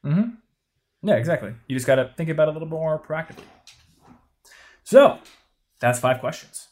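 A man's voice: on the high side, a little mellow. A man co-hosting a podcast, giving blunt, emphatic advice in casual chat. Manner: emphatic, punchy advice-giving with quick asides. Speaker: podcast co-host.

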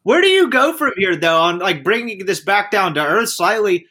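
Lively high-voiced man in sports chat. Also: normal speed, slightly rough. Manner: animated, asks leading questions. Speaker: podcast co-host.

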